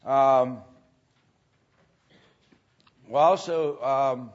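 Male preacher, slow and halting teaching delivery, dull lo-fi recording. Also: mid-range voice. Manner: slow, halting, many fillers. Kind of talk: sermon teaching. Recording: dull lo-fi sound.

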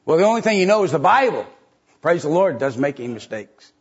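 A middle-aged man preaching a sermon in a conversational way, asking rhetorical questions and jumping up in pitch to stress a point. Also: very animated, quick pace, slightly rough, highs cut off. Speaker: pastor.

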